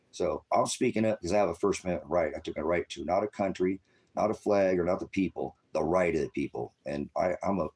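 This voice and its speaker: Middle-aged man streaming a furious, swearing rant; low, husky voice that flares into shouts. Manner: profane, agitated, shouting bursts. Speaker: online streamer. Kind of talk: angry ranting monologue.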